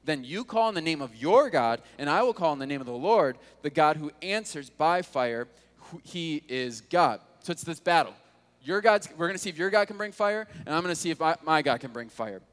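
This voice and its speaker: A man's voice: a little high, lively intonation, fairly quick, a bit bright. A male pastor preaching a sermon, retelling scripture in a casual, conversational way with frequent rhetorical questions. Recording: long hall reverb.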